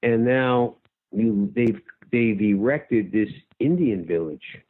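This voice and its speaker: An older actor telling a lively anecdote in an interview, acting out his own shouting as he goes. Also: fairly low pitch, slow. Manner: animated storyteller, acts out his own shouting. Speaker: actor guest. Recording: tinny phone-like line.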